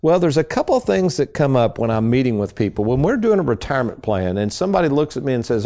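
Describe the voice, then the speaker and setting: A man's voice: medium pitch, big pitch swings, fast talker, few pauses, mellow. A man, hosting a financial radio show in a casual, folksy storytelling way. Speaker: financial advisor and radio host.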